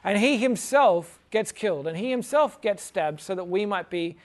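Jokey high-voiced man teaching the Bible. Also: animated, normal speed. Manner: jokey, chuckling, fills talk with "like". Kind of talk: casual humorous Bible talk.

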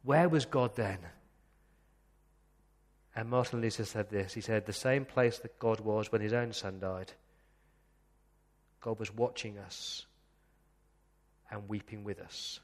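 A man preaching a sermon as pastor, earnest, slowing down to read scripture passages aloud. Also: fairly low pitch, steady tone, long reverb tail. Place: church.

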